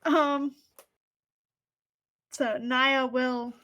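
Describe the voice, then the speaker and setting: A woman chats casually at a tabletop game, asking about rules and thinking aloud. Her voice sits high. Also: fairly even intonation, drawn-out words, pushed and bright. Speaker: player.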